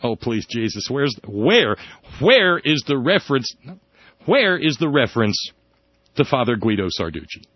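A sarcastic male radio host delivering a satirical monologue. His voice sits at a middling pitch. The sound is dull, lo-fi and dry, from a studio. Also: very animated, a little slow, dry recording. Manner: sarcastic, jumps into high mocking tones. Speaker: radio talk show host.

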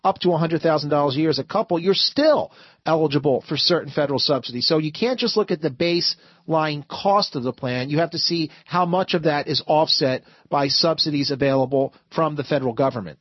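Talk radio host, man, slightly high voice, stammering, dry close sound, muffled broadcast. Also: fairly quick, dry recording. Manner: stammering, repeats words while building arguments.

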